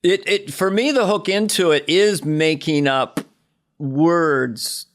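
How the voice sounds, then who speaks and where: A male comedian hosting a casual chat, animated and reflective, laughing easily. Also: fairly high pitch, takes it slowly. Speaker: host, comedian.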